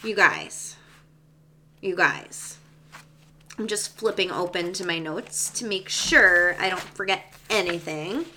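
A woman's voice: on the low side, expressive, takes it slowly, bright, forceful tone, slight background noise. A young adult woman hosting a spiritual podcast as a psychic medium, talking in a chatty, bubbly way with lots of fillers. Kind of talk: casual chat.

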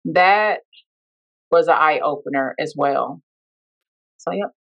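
A woman guest on a podcast speaks in a heartfelt, reflective way as she shares her personal story. Her voice sits a little low, and the recording sounds dull and lo-fi. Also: takes it slowly, creaky.

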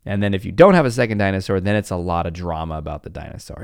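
A man's voice: on the low side, fast talker, few pauses, no echo, studio quality. A middle-aged man, a psychologist, telling stories in a podcast monologue, acting out scenes and laughing often. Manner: animated storytelling, acts out scenes, laughs often.

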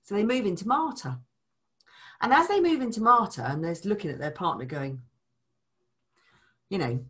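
A woman talking as a money coach in a casual chat, animated, acting out people's voices and swearing casually. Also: medium pitch, moderate pace, pauses often.

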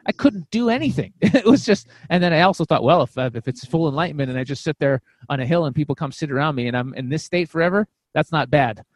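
A man speaks quickly, his words tumbling over each other with frequent repeats and restarts. His voice sits a bit higher than most men's and sounds close and dry, with no room echo. He talks like a comedian sharing a candid story on a podcast. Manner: animated, repeats words and restarts, swears casually.

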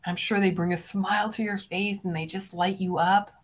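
A woman's voice: medium pitch, steady tone, moderate pace. A middle-aged woman coach hosting a motivational podcast, talking to listeners in a direct, emphatic way and swearing casually. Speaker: business coach and podcast host.

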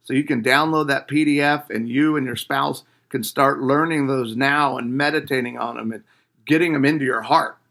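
Bright-voiced man teaching a devotional. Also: mid-range voice, normal speed, vocal fry. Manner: conversational, asks the listener rhetorical questions.

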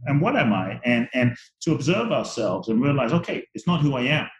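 A man in his forties talking slowly and reflectively about the ego in a spiritual conversation, often repeating words as he thinks. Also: medium pitch, big pitch swings, reverberant, lo-fi sound. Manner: slow, searching, repeats words while thinking.

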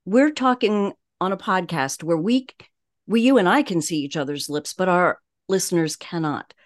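Woman, Long Island New York accent, fairly low voice, voice coach, measured podcast talk. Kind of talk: podcast interview.

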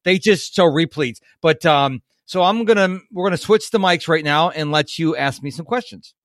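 A man's voice: on the high side, moderate pace, fairly bright tone, no echo, studio quality. A man hosting a podcast, talking in an upbeat, enthusiastic way and laughing easily. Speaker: podcast host. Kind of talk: casual podcast interview.

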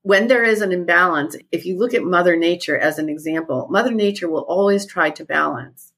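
A woman's voice: fairly low pitch, a little fast, fairly bright tone, husky. A woman guest who leads retreats, talking thoughtfully in a podcast conversation and repeating her key phrases.

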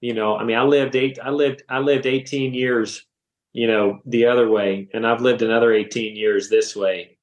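A man in his thirties shares his personal faith testimony as a podcast guest, with a medium-pitched voice. He tells it in an animated, emotional way, full of casual slang. The recording has a roomy echo. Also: moderate pace. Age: 30s.

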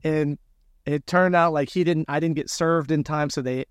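A man telling his own story in an interview, animated and acting out the dialogue he quotes. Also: a little high, moderate pace, clear, resonant tone, dry recording, studio quality. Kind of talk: conversational storytelling.

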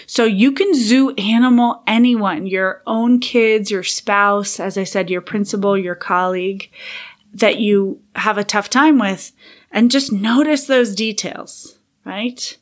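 A woman's voice: mid-range voice, slow pace. A woman hosting a podcast for teachers, talking in a friendly, encouraging way with occasional whispered asides. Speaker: podcast host and coach for teachers. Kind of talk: casual solo podcast monologue.

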